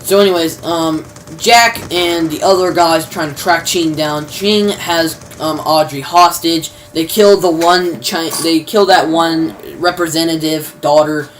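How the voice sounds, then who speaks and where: A woman with a deep voice reviews a TV episode, her intonation fairly even and her pace measured with few pauses. She rambles casually with many fillers, restarts and mild slang, recorded on a distant mic with faint background noise.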